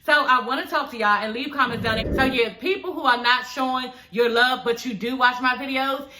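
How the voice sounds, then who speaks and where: A woman recapping a reality show for her viewers in a casual, animated, profane way, talking with dental aligners in. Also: sits high, brisk, noisy background. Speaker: YouTube reality TV reviewer.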